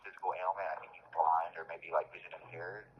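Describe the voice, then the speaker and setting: Deep-voiced man on a muffled phone line. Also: little pitch movement, quick pace, slight background noise. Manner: earnest, emphatic, repeats and restarts phrases. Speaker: interviewee held in jail. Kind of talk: earnest phone interview.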